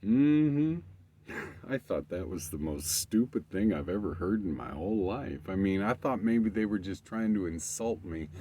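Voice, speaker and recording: Brief: low-voiced man, swearing a lot, loose and emphatic storytelling. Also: expressive, a little slow, warm tone. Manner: profane, emphatic rambling. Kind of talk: casual monologue.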